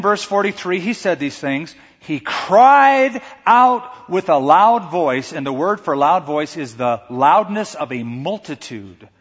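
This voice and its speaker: A man preaching a sermon as pastor, animated, shouting out quoted lines. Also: fairly high pitch, slightly rough. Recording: dull recording in a reverberant hall.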